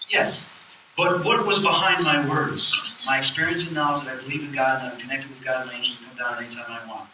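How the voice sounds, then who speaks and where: A man lecturing on spirits and the afterlife tells stories to a live audience in a lecture hall at a public event, animatedly acting out the voices he quotes. His voice is mid-range and quick. The recording sounds roomy and distant, with faint noise.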